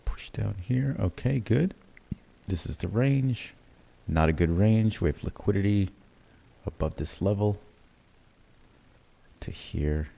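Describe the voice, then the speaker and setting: A man's voice: lowish voice, takes it slowly, vocal fry, pauses often. A man hosting a live trading stream, thinking aloud as he marks up charts, with many fillers and "right?" tags. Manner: relaxed, self-correcting commentary while drawing on charts. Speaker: crypto trading livestream host.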